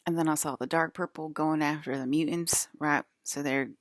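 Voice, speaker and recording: A woman's voice: low-pitched, steady tone, normal speed, no room sound, clean studio sound. A woman vlogging to her camera in a loose, rambling monologue, laughing often and swearing freely.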